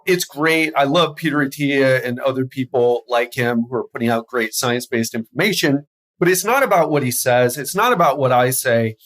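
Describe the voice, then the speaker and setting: A man's voice: fairly high pitch, a bit bright. A man hosting a health podcast as a coach, talking energetically and stumbling over his words now and then. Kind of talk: solo podcast monologue.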